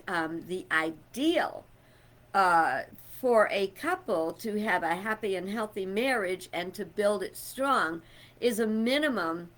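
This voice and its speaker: A middle-aged woman talks to her viewers in a loud, rambling, friendly chat. Her tone is bright and ringing, and she takes her time, unhurried and drawn out. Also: mid-range voice. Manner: chatty, loud, rambling with fillers and laughs. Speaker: vlogger. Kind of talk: casual chat to camera.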